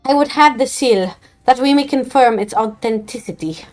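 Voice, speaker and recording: A stately female forest chieftainess speaks with measured, formal grace, as a woman reads the game lines in a put-on accent. The voice sits a little high, with faint game music underneath. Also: a little mellow, lightly acted. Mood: gracious. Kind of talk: reading game dialogue aloud in character.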